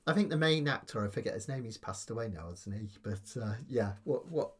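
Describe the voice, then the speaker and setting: A man's voice: mid-range voice, lively intonation, brisk, breathy edge. A man teaching ukulele on a live stream, chatting casually, thanking viewers and reading out their comments with lots of ums and uhs. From United Kingdom. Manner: chatty, reads viewer comments, many fillers. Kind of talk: live-streamed lesson chat.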